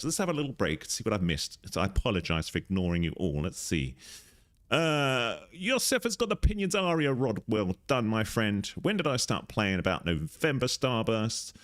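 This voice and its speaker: A man live-streaming a game, chatty and playful, talking through what he is doing. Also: lowish voice. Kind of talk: casual live-stream chat while gaming.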